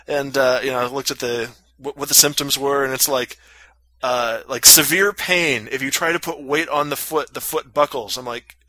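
A man's voice: fairly high pitch, sharp tone, no room sound. A man casually telling a long story on a podcast, full of fillers and crude jokes. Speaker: podcast co-host.

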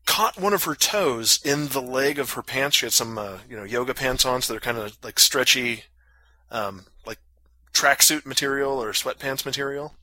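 A man's voice: medium pitch, normal speed, sharp tone, dry recording. A man casually telling a long story on a podcast, full of fillers and crude jokes. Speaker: podcast co-host.

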